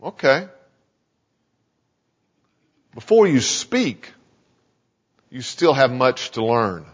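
A man preaching a sermon in a husky voice with a lively, rising and falling pitch. He talks to his listeners in a conversational way. The sound is dull and lo-fi, with a long reverb from a large hall. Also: very slow. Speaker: pastor.

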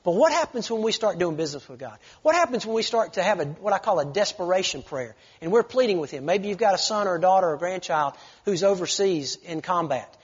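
A man, telling stories in a folksy, animated way. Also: sits high, quick pace, few pauses, slightly rough. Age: 40s. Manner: folksy, animated storytelling, acts out voices. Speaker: preacher. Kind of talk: sermon with storytelling. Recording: lo-fi recording with long hall reverb.

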